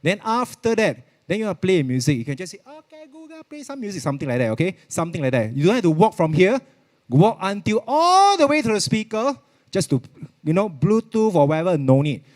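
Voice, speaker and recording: Speaking fairly quickly with big swings in his high voice, a man with a Singaporean English accent presents a product at a virtual expo. His live demo is chatty and repetitive, and he slips into Mandarin at times.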